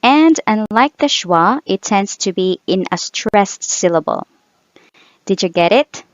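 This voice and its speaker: A woman's voice: medium pitch, lively intonation, measured pace, no echo. A woman teaching English vowel sounds, saying each example word twice and drawing the sounds out carefully. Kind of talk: slow phonetics lesson. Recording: dull, dry sound.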